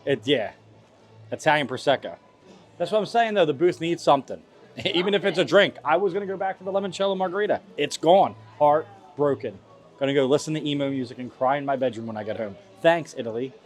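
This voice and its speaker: A man's voice: fairly high pitch, expressive, fast talker, darkish tone, faint music behind. A young man hosting a casual food review vlog outdoors at a festival, complaining in a playful, dramatic way. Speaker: vlog host. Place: outdoors at a theme park festival.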